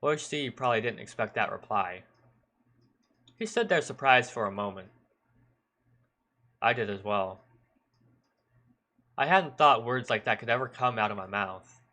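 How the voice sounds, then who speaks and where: A man with a bright, sharp timbre reads a story aloud in measured first-person narration. He now and then stumbles and corrects himself. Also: mid-range voice. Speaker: streamer. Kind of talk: reading a visual novel aloud.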